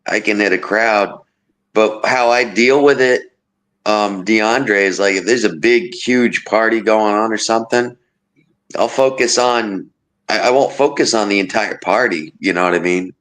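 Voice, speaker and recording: A man with a fairly low voice tells a story to friends in casual talk. He is animated and laughs as he goes. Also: unhurried, poor audio. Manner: animated anecdote-telling, laughs often. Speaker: storyteller in a group chat. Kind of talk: casual chat.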